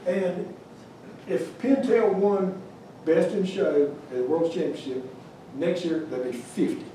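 A man's voice: on the high side, measured pace, warm tone, a little hiss or hum. A man giving a humorous, rambling storytelling lecture about his carving at a museum, with many restarts. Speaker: wildlife carver giving a talk. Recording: echoey room, mic far off.

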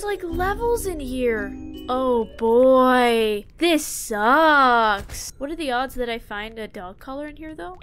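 High, lively young woman gaming. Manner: excitable, shrieks and yelps when startled; drops to a hushed whisper when tense. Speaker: gaming YouTuber. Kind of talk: let's play commentary. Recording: game music behind voice.

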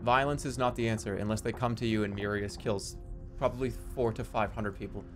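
A man casually commentating his own game live, excitable and joking, swearing freely. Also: fairly low pitch, fairly quick, over music. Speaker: streamer playing a strategy game.

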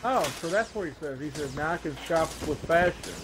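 A man's voice: on the high side, animated, fairly quick, fairly bright tone, a little hiss or hum. A man playing a video game and commentating, sarcastic and ranting, swearing often. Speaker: gaming channel host. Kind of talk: casual gaming commentary.

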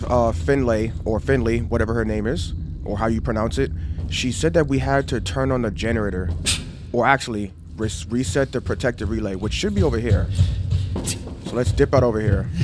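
A man streaming a horror game, talking excitedly to his chat with lots of slang. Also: medium pitch, background noise. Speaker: gaming streamer. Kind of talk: horror game let's play commentary. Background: game music.

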